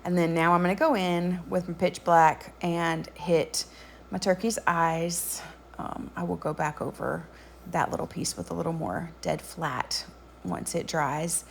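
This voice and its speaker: A woman narrating a craft tutorial voice-over in a relaxed, chatty way with frequent ums. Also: on the low side, a little slow, gravelly, a little hiss or hum.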